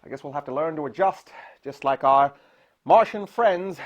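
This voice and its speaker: A man hosting a late-night movie show in comic character, fussing and swinging from mumbling asides to loud exclamations. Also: fairly high pitch, moderate pace, lo-fi sound. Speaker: horror host.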